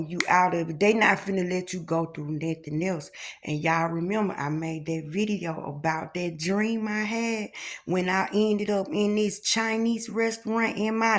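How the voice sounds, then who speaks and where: A woman vlogging in a chatty, folksy way, talking straight to her viewers about faith and everyday life. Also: fairly low pitch. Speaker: spiritual vlogger. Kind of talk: casual talk to camera.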